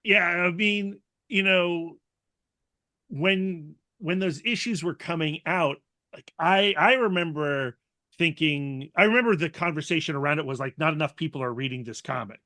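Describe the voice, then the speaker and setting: A man hosting a podcast interview, his voice bright and somewhat high. He speaks thoughtfully and hesitates as he builds a question. The sound is close and dry, with no room around it. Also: normal speed, dry recording. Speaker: podcast host.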